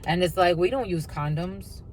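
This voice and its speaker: A woman's voice: on the low side, normal speed, a little mellow, slight background noise, rough recording. A woman doing a casual tarot energy reading, blunt and profane, with sing-song asides and mocking voices.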